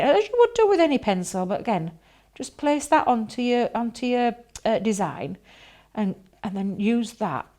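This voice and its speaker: A woman chatting enthusiastically as she demonstrates coloring techniques, thinking aloud as she works. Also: medium pitch. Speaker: craft demonstrator. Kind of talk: live crafting demonstration.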